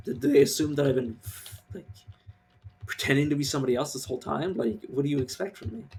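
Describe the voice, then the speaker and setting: A man's voice: a little high, expressive, a little fast, darkish tone, a little hiss or hum. A man streaming a game live, ranting casually with lots of swearing and filler words. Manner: rambling rant, swears, many fillers. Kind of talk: casual live-stream commentary while gaming.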